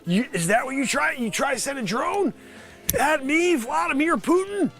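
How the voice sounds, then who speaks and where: A jokey mock Putin, put on by a man, full of taunting indignation. The voice sits high and sounds bright. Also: animated, moderate pace, creaky, soft background music, full character voice. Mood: indignant.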